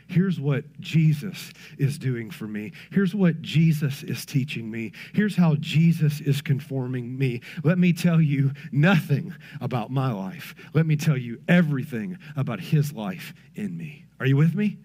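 A man preaching a sermon to his congregation, earnest and conversational, swinging between emphatic lines and hushed ones. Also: mid-range voice, lively intonation, measured pace, hardly any pauses. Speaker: pastor.

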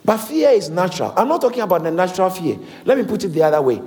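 A man preaching a sermon in a large hall, with lively repetitions and call-and-response to the congregation. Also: sits high, quick pace, few pauses. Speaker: pastor. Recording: echoey hall.

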